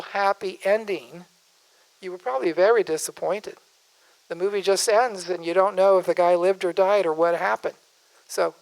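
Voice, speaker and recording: Older male doctor at a lectern, folksy and digressive, with a smooth, resonant voice. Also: sits high, low-quality recording. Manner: folksy, digressive, self-interrupting. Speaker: physician giving a speech. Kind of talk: conversational public speech.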